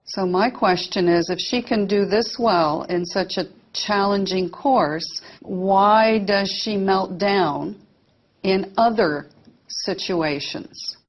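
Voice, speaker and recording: A woman commenting on a reality show as an expert, in a calm and analytical way. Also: mid-range voice, slow pace. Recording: dull lo-fi TV audio with music.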